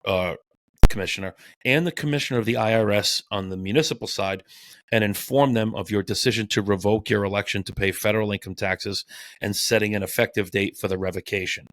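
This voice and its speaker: A man co-hosting a casual podcast, reading aloud and riffing, animated, swearing and tripping over his words. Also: lowish voice, brisk, dry recording. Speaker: podcast co-host.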